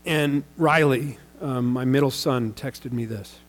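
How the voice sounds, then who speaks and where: A pastor in his forties tells a personal story during a sermon, speaking conversationally with bursts of raised emphasis. His voice is mid-range at a measured pace, and the recording is rough.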